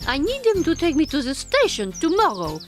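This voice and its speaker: Cartoon role: a fussy cat lady, high and lively. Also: brisk, faint music behind. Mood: cross. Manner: fussy, bossy. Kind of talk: cartoon voice acting.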